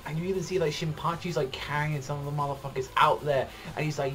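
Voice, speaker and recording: A man giving excited, rambling commentary as a reaction video host, swearing heavily as he talks. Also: fairly high pitch, fast. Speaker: manga reaction youtuber. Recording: faint music behind voice.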